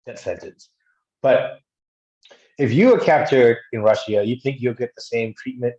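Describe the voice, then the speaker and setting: A man's voice: mid-range voice, moderate pace, darkish tone. A man trading joking, teasing banter as a podcast co-host. His voice is recorded in a roomy space and sounds muffled and dull. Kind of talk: casual chat.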